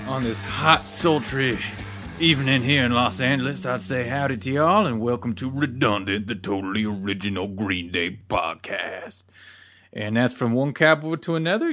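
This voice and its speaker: A man's voice: medium pitch, lively intonation, moderate pace, music in the background, natural voice. A man putting on a loony, drawling adult male cowboy voice with a mock Southern American accent, folksy and hammy. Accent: put-on Southern American drawl.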